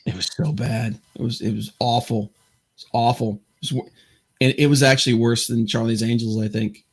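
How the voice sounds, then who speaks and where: A man's voice: mid-range voice, steady tone, normal speed, breathy edge. A man hosting a podcast in casual chat, rambling and stammering through lots of fillers. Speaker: podcast host.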